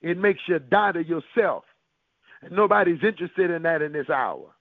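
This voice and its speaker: A man's voice: on the high side, animated, normal speed, no echo. A man preaching a sermon to listeners on a call, driving his points home with rhythmic repetition and rhetorical questions. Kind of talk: sermon over a conference call. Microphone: phone call. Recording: tinny, dry phone line.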